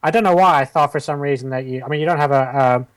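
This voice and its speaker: A man from Florida in a casual podcast chat. He asks his questions gently and stumbles over his words a little. He sounds polite and unhurried. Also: mid-range voice, no echo. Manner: polite, hesitant.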